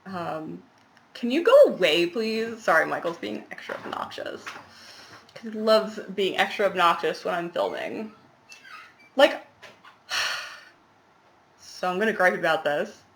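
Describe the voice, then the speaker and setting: A woman's voice: on the low side, slow, gravelly, long pauses, a bit bright. A young woman chatting casually to camera about her cross-stitch, rambling with laughing asides, recorded at home in a small apartment.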